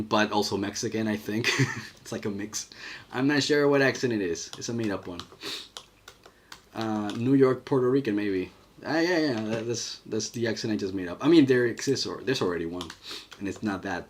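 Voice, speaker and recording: A man's voice: lowish voice, a little hiss or hum. A man streaming his animation work, thinking aloud in casual commentary as he draws and reads the chat. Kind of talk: casual livestream commentary while drawing.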